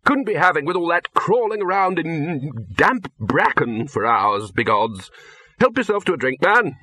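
Ridcully, a man doing a booming blunt old wizard. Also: sing-song, a little slow, pushed and bright, dry recording, exaggerated voice. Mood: brisk. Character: bluff hearty old male archchancellor wizard.

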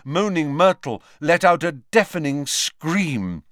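Slow, dramatic male audiobook narrator. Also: a little high, very animated, fairly bright tone, no echo, studio quality. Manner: dramatic storytelling. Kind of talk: scripted narration.

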